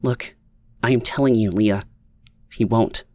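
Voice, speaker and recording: A man's voice: fairly low pitch, measured pace, a little mellow, natural voice. A man voicing a smug, guarded pregnant woman with a curt manner, as an audiobook character. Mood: urgent.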